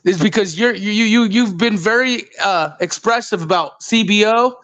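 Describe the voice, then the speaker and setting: A man's voice: high-pitched, normal speed, a bit bright, no echo, lo-fi sound. A man on a live panel, hurling profane insults in a heated argument.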